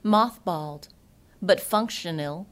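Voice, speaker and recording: Slow, hushed woman reading poetry. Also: lowish voice. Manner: slow, hushed delivery dropping into whispers. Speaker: poet.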